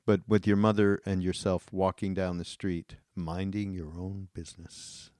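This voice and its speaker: A man hosting an interview poses a long, enthusiastic question that wanders before it lands. His voice is low and mellow, recorded dry and close. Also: level tone, unhurried, no room sound.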